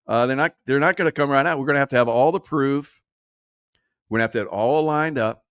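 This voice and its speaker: A man's voice: medium pitch, quick pace, fairly bright tone, clear, resonant tone, no echo, studio quality. A man hosting casual political commentary, sarcastic and mocking, chuckling often as he reads and reacts.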